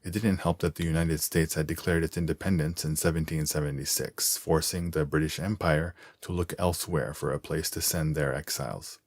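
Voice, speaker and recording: A man giving a measured, clear, scripted narration of an English-learning column. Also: extremely low pitch, fairly even intonation, no room sound.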